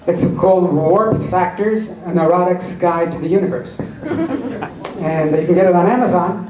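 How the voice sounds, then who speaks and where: A man's voice: high voice, normal speed, a crowd in the background. A man answering audience questions as a guest at a fan convention panel, telling wry anecdotes. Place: large convention hall. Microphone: recorded from the audience. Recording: echoey hall recorded from far off.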